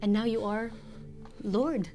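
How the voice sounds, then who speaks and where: A woman voicing a warm motherly caregiver with a put-on foreign accent, coaxing and gently whispery in a tabletop role-play. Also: medium pitch, slow pace, lightly acted. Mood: soothing. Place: studio.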